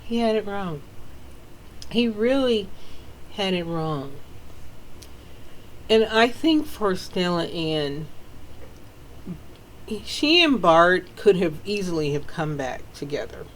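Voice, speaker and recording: A woman author from the American South with a Southern accent, telling stories casually in a sassy, animated way with frequent laughter. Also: on the low side, takes it slowly, long pauses, a little hiss or hum, low-quality recording. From Southern United States. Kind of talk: casual storytelling.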